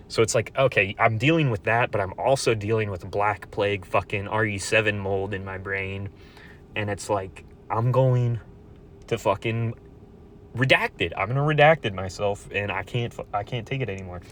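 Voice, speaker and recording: A man's voice: fairly low pitch, a little hiss or hum. A man in his twenties ranting in a casual, profane, rambling way with frequent restarts. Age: 20s. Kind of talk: casual venting monologue.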